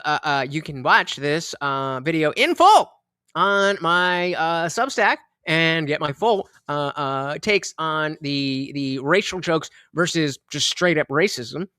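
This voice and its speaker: Male streamer, rambling reaction commentary; high, bright, dry close mic. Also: no room sound. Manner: rambling, many fillers and restarts. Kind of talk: casual live-stream commentary.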